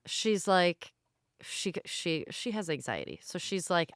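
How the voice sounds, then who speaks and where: A woman's voice: sits low, normal speed, clear, resonant tone, no room sound, clean studio sound. A woman, co-hosting a podcast and telling a rambling, candid story with self-deprecating asides. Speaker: podcast co-host. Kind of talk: casual storytelling chat.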